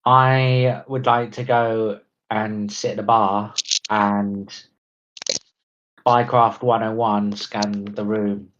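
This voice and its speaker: A man playing in a tabletop game, describing his character's moves in a slow, level way. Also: fairly low pitch, level tone, fairly bright tone. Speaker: player. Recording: dull lo-fi voice, away from the mic.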